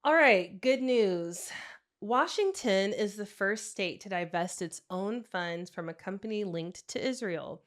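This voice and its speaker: A woman co-hosting a podcast in casual chat, upbeat as she reads out news items and reacts quickly. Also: medium pitch, animated. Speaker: podcast co-host.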